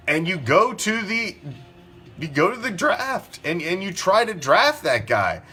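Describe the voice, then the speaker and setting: A man's voice: sits high, big pitch swings, a little slow, pushed and bright, husky, soft background music. Profane, ranting male sports talker. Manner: profane, ranting, fires rhetorical questions. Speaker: sports podcast host. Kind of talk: opinionated sports talk.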